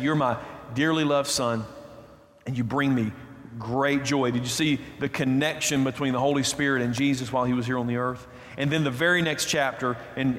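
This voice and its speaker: Emphatic pastor in echoing hall. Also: male voice, on the high side, a bit bright. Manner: emphatic, repeats key phrases. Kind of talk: sermon. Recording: reverberant hall, roomy echo.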